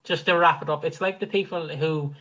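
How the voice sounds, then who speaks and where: A man's voice: fairly high pitch, fairly even intonation, a little fast, fairly bright tone, poor audio. An Irish man co-hosting a podcast, speaking in a frank, rambling casual chat full of fillers. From Ireland. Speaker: podcast co-host.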